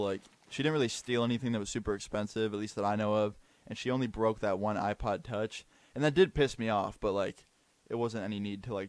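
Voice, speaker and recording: Young man telling a lowish-voiced story. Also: no room sound. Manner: chatty, animated retelling with many "like" fillers. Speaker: vlogger. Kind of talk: casual storytime.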